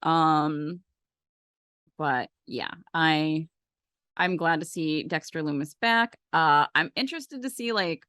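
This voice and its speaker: A woman's voice: low voice, expressive, takes it slowly, fairly bright tone, clean tone, dry recording, clean studio sound. A woman co-hosting a podcast, talking casually and rambling with lots of fillers. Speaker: podcast co-host. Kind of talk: casual wrestling chat.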